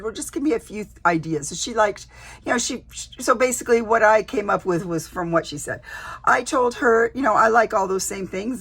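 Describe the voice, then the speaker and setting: A woman with a lowish, husky voice talks to her camera at home in a loose, rambling way. She keeps restarting her sentences and reaching for fillers as she shows off crafts. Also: fairly bright tone. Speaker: junk journal vlogger. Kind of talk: casual show-and-tell chat.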